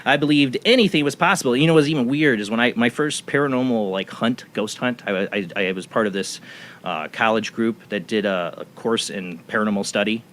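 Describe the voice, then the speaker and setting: A man's voice: fairly low pitch, a little fast, fairly bright tone. A man hosting a talk show, telling a personal story in a rambling way with many restarts. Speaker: radio show host. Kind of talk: casual radio talk show chat.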